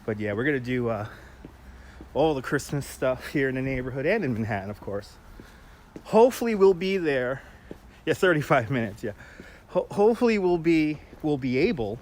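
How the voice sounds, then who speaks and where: A man's voice: medium pitch, a little hiss or hum. A man hosting a live walking stream at night, chatting with viewers, reading their comments aloud and laughing often. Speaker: livestream host. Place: quiet city street at night, outdoors.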